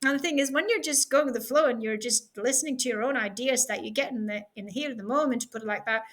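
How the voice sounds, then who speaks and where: Giggly high-voiced Norwegian woman. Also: quick pace, a bit bright. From Norway. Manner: playful, giggly, rambling. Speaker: vlogger. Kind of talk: casual vlog chat. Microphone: webcam.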